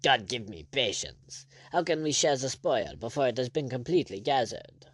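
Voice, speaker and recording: A man's voice: mid-range voice, lively intonation, moderate pace, a bit bright, no room sound. A man voicing a haughty, arrogant French baron general, speaking with cold disdain. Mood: angry. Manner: disdainful, icy, angry.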